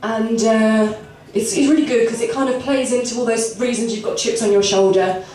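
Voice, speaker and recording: A woman's voice: on the high side, steady tone, a little fast, mellow. A young woman with a cold doing a rambling, self-deprecating stand-up set, giggling between asides. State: has a cold. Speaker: stand-up comedian. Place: comedy club stage. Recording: echoey club recorded from far off with audience. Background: live audience.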